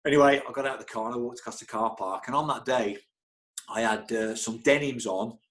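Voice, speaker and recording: A man's voice: medium pitch, a little fast. Man telling stories with chuckles and restarts. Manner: animated, stumbling restarts, chuckles through his stories. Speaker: football club physio, interview guest. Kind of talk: casual anecdotal storytelling.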